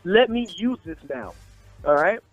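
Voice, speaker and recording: Heated, high-voiced man ranting. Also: sing-song, a little slow, highs cut off, soft background music. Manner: heated, repetitive, mocking impressions. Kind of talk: casual profane chat.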